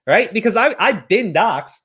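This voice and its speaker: Man, streamer, casual commentary, profane ranting, animated pitch. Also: unhurried, breathy edge.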